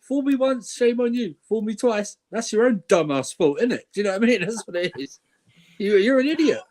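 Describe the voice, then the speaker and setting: A man hosts a football chat stream, talking fast and animatedly, always asking the others what they mean. His voice sits a little high for a man. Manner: animated, questioning, laughs often. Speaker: stream host.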